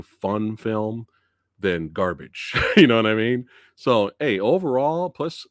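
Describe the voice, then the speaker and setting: A man's voice: deep voice, dry recording, clean studio sound. A man hosting a live movie review stream, chatting loosely and laughing often as he talks. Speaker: movie review channel host.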